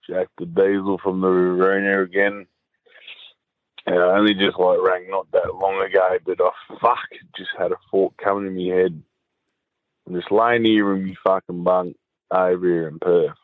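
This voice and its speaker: A man's voice: sits low, steady tone, moderate pace, dry recording. An Australian man leaving a laid-back, sweary voicemail. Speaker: caller. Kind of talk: rambling voicemail. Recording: tinny dry phone line.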